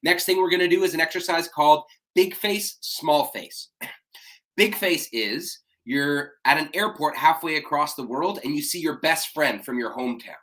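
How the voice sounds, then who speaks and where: Energetic man coaching a live workshop. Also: a little high, moderate pace. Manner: energetic, coaching, leads vocal exercises. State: voice cracking slightly. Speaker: public speaking trainer. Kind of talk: live-streamed warm-up workshop.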